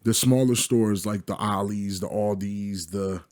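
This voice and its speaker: A man co-hosting a podcast in casual banter, loud and joking, talking straight to his listeners. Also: fairly low pitch, fairly even intonation, measured pace, no echo, clean studio sound. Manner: loud, joking, profane, addresses listeners directly. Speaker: podcast co-host.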